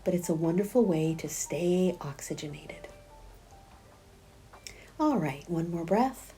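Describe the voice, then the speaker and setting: A middle-aged woman leads a prenatal yoga class in a soft, breathy voice that often drops to a half-whisper. She talks at an unhurried, very slow pace in a fairly low, mellow tone. She counts the breaths aloud over faint music. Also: expressive. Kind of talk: guided yoga class instruction.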